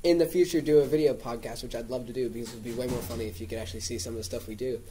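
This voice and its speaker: A man's voice: mid-range voice, steady tone, racing, mellow, slight background noise, low-quality recording. A teenage boy co-hosting a casual podcast, joking and laughing easily. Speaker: podcast co-host. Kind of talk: casual chat.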